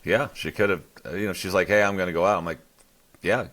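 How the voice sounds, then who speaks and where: Very deep-voiced man, casual chat. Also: fairly even intonation, quick pace, a bit bright. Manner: rambling, many restarts and fillers. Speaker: podcast co-host. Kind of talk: casual conversation.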